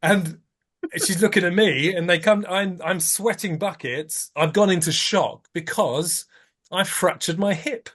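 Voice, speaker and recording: A man in his thirties tells a story as a podcast guest, acting out what he and others said. His voice sits a little high, with lively swings. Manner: animated storyteller, acts out his own lines. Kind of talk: anecdote in casual chat.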